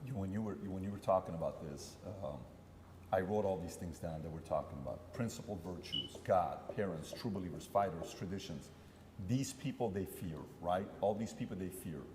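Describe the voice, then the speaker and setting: A man's voice: low voice, fairly quick, in a large hall, noisy background. A man interviewing a guest in a conversational way, telling stories and acting out quoted dialogue. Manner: storytelling, acts out quoted dialogue.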